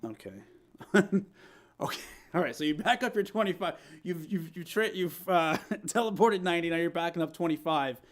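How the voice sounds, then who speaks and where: This man narrates a tabletop game as guest game master, with a voice a little higher than most men's. He tells the story with animated energy and laughs often. He stumbles and restarts as he goes. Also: moderate pace.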